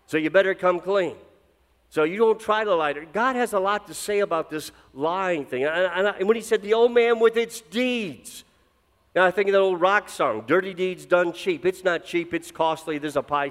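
A middle-aged man preaching a sermon as pastor, swinging from loud emphatic lines to low, intense drops. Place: church sanctuary. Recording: long reverb of a church hall.

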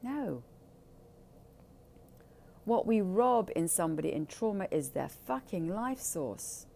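A woman's voice: lowish voice, lively intonation, normal speed, creaky, mellow. A woman speaking candidly in a blunt, profane and emphatic way. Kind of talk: candid casual talk.

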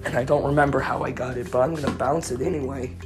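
A young woman rambling on her own podcast at home, stuttering and repeating words, self-mocking and bursting out loud between mumbles. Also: very deep voice, fairly even intonation, quick pace, loud music behind the voice. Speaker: podcast host. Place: home recording studio room with her dog.

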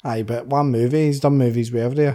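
Man, Scottish accent, podcast co-host, laid-back, agreeable, warm dark tone. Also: mid-range voice, fairly even intonation, fast talker. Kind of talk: casual chat.

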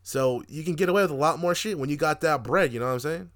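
A young man co-hosting a podcast, reviewing a movie in casual chat, animated and profane, laughing often and acting out quotes. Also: a little high, quick pace. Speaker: podcast co-host.

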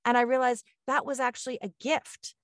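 Animated storytelling woman, dry close sound. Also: sits high, brisk, dry recording. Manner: animated storyteller, acting out quoted dialogue. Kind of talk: casual chat.

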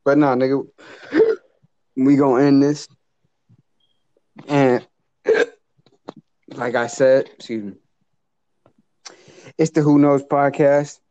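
Mellow-voiced male podcast host, slangy. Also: mid-range voice, little pitch movement, slow pace, pauses often. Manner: slangy, profane, laid-back. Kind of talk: casual podcast chat. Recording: dull lo-fi audio.

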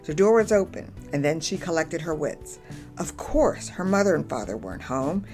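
A woman narrating a story aloud in a measured, even way. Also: sits low, faint music behind.

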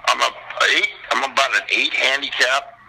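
A man talking as a guest, telling animated stories and acting out other people's voices. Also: mid-range voice, normal speed, gravelly, husky, rough recording. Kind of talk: animated anecdotal storytelling.

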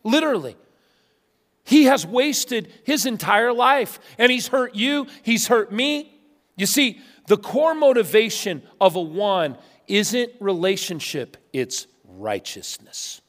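A male pastor preaching a sermon, telling funny stories and swinging between loud bursts and hushed asides. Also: high-pitched, takes it slowly. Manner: animated storytelling with humor, swinging from loud to hushed. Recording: long reverb of a large hall.

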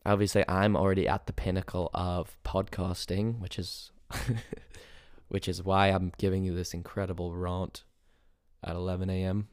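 A man's voice: deep voice, flat delivery, normal speed, clean tone, no echo, studio quality. A man in his twenties hosting a solo podcast, rambling playfully and mocking himself. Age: 20s. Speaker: podcast host.

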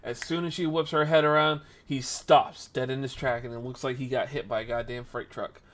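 A man casually telling a rambling workplace story, animated and acting out the voices of the people in it. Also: mid-range voice, brisk.

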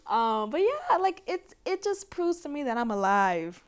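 A woman's voice: sits high, sing-song, unhurried, few pauses. A young adult woman hosting a faith podcast, talking casually and emphatically, laughing often. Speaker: podcast host.

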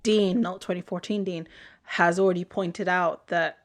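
A woman's voice: on the low side, fairly even intonation, normal speed. A woman co-hosting a podcast, talking through a TV episode in a thoughtful, hesitant way. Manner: thoughtful, hesitant, lots of restarts. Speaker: podcast co-host. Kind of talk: casual chat recapping a TV episode.

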